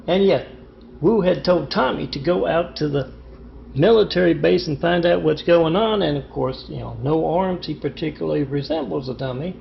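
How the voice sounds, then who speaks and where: A man's voice: a little high, moderate pace, gravelly, lo-fi sound, a little hiss or hum. A man telling a meandering, conspiratorial monologue as a vlogger, with many fillers and restarts. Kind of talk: rambling monologue.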